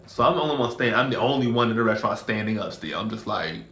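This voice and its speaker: Animated young man telling a wild story. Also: rapid-fire, few pauses, roomy sound. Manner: animated, acts out voices in high squeals. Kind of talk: casual storytime vlog.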